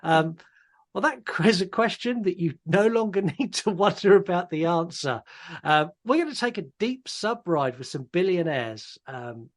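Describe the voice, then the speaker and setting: Male podcast host, fairly high voice, blunt, swears in casual film chat. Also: animated, moderate pace. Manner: blunt and swears freely, with many "um"s. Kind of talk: casual chat about films.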